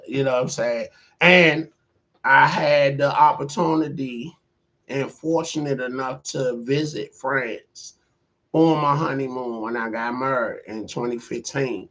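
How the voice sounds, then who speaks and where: A middle-aged man spins a loose, rambling story straight to the camera. He takes his time and leans on fillers as he drifts from one thought to the next. His voice sits at an ordinary pitch. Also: fairly bright tone. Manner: rambling, with many fillers like "you know". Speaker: vlogger.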